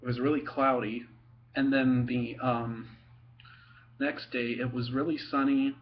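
A young man telling stories about his father, laughing often and pausing with many ums and restarts. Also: mid-range voice, little pitch movement, muffled recording. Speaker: son telling family stories. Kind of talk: casual storytelling to camera.

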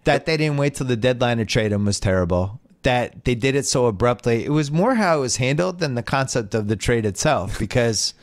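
A man's voice: medium pitch, expressive, fairly quick, hardly any pauses. A man hosting a casual sports podcast, reading listener mail with wry storytelling. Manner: wry, storytelling, puts on voices when quoting people. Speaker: podcast host.

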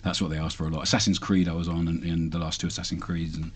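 Deep husky man, fast and chatty. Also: little pitch movement. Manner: quick, chatty, laughs often. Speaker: actor and voice actor. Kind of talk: casual interview chat.

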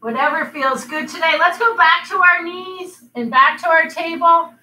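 A woman's voice: extremely high pitch, moderate pace, bright, forceful tone. A woman leading a children's yoga class, playful and teasing as she guides each pose. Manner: playful, teasing with silly animal sounds. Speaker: kids' yoga instructor. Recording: echoey room, voice from a distance.

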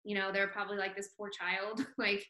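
A woman podcast host telling a story from her life in casual chat, animated and laughing often, acting out what people said. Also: medium pitch, brisk. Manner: animated, laughs often, acts out quoted lines. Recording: roomy echo.

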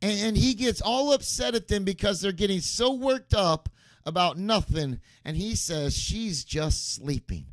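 A man's voice: high-pitched, expressive, moderate pace, no echo. A man preaching a sermon as pastor, emphatic and repeating key phrases for stress.

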